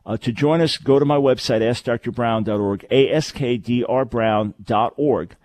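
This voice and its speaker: A man's voice: mid-range voice, moderate pace, a little mellow, no room sound. A male radio talk show host who speaks earnestly and with emphasis, often repeating his phrases to drive them home. His voice sits in an ordinary middle range and sounds close and dry, with no room around it. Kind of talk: call-in radio advice and announcements.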